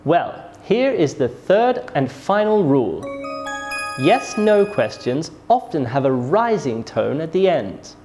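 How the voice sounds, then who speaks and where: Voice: medium pitch, big pitch swings, slow pace. A pronunciation teacher giving a scripted English lesson, modelling sentences with careful, exaggerated rises and falls. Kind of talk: scripted classroom instruction.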